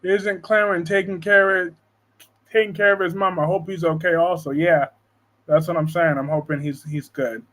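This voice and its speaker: A man's voice: high voice, little pitch movement, normal speed, fairly bright tone. A man hosting a casual live stream from home, joking and reading viewer comments aloud. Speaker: live-stream host discussing soap operas.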